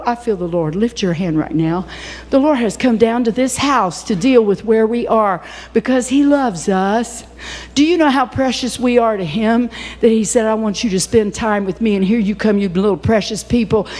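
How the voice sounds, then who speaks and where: Older woman preaching in echoey church. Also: a little high. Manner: emotional, animated preaching with sudden whoops. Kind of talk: sermon.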